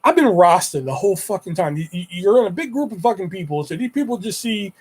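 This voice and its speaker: A livestream host with a high, animated voice talks fast, his tone darkish with a breathy edge. He tells stories in a rambling, heavily profane, casual way, like a relaxed storytelling chat.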